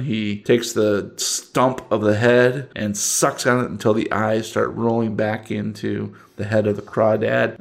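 Man, game master, gravelly voice, relaxed descriptive narration, tabletop role-play. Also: lowish voice.

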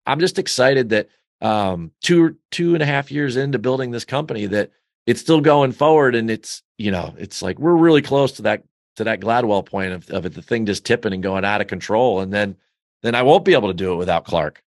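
A man's voice: fairly low pitch, expressive, fairly quick, no room sound, studio quality. A man being interviewed as a guest, talking with enthusiasm in a rambling way with many fillers. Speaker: golf betting newsletter founder, guest. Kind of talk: podcast interview.

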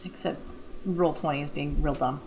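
A woman giving quick, helpful asides. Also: deep voice, steady tone, vocal fry, a little mellow, recorded from a distance, slight background noise, poor audio.

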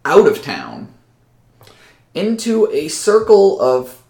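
A man narrates a tabletop game as game master, relaxed and descriptive with many fillers. His voice is gravelly and echoes in the room. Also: a little high, takes it slowly.

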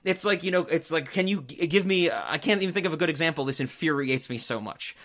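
Bright-voiced ranting man. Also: on the high side, a little fast, hardly any pauses. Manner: ranting, animated, swearing. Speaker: podcast host. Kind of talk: casual chat.

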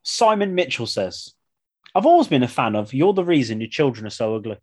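A man hosts a casual podcast, reading listener submissions aloud at a brisk clip. His medium-pitched voice stays lively, and he laughs often as he reads.

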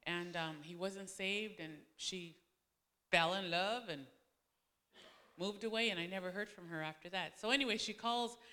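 A woman's voice: medium pitch, moderate pace, sharp tone, long reverb tail. A woman pastor giving a sermon, telling stories in a loose conversational way with frequent restarts. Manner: conversational storytelling, many restarts.

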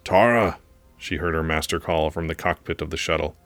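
Deep-voiced man reading a story aloud. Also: monotone, fast talker, fairly bright tone, no echo.

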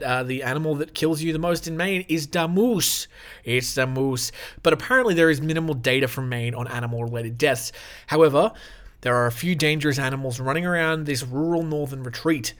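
A man's voice: fairly high pitch, a bit bright. A man hosting a reaction video, reading an article aloud and breaking off for joking asides, swearing freely and chuckling mid-sentence.

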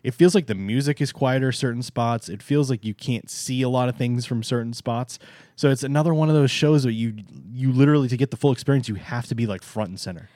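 A man's voice: mid-range voice, quick pace, dark tone, dry recording, studio quality. A man co-hosting a theme park podcast, talking in an enthusiastic, emphatic casual way. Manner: enthusiastic, emphatic, plugs channel. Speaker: podcast co-host. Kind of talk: casual chat.

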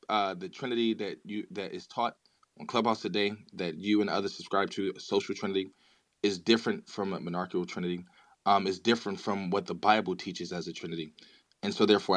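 A man's voice: low-pitched, fairly even intonation, fairly quick, fairly bright tone, no echo. A man making an earnest case in an online audio chat room, often repeating words as he starts a thought. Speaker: debate participant. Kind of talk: earnest theological debate.

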